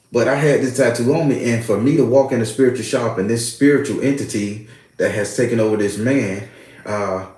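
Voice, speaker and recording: A middle-aged man, a spiritual worker and host, telling a story in a casual, profane, streetwise manner. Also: medium pitch. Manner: profane, animated, streetwise slang. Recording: very echoey room.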